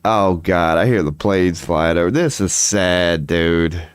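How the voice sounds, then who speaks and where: A man's voice: low voice, slow pace, slight background noise. A tired man rambling indoors at home in a late-night vlog, profane, slangy and laughing at himself. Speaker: vlogger.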